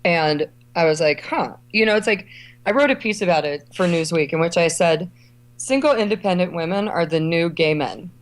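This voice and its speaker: Her voice is lowish and moderately paced. She's a middle-aged woman from Ohio and Kentucky, a travel writer and editor appearing as an interview guest, who tells lively stories and performs the voices of those she quotes.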